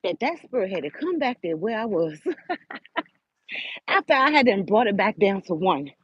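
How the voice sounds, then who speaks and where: An older woman hosting a show, telling a spiritual story in an animated, preachy way and speaking right to her listeners. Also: mid-range voice, moderate pace, breathy edge, no echo. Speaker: host. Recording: dull lo-fi audio.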